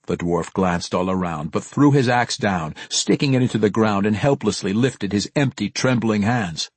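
A man narrating a fantasy audiobook in a measured, expressive storytelling manner. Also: on the low side, husky, dry recording.

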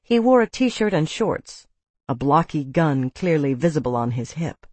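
An audiobook narrator reading a first-person novel in a measured, even storytelling manner on a close studio mic. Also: mid-range voice, dry recording.

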